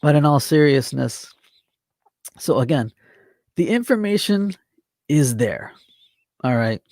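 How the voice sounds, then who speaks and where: A man's voice: fairly high pitch, sing-song, slow, darkish tone, no room sound, studio quality. A man hosting an online talk show, reading news articles aloud and scolding doubters in a worked-up, exasperated rant.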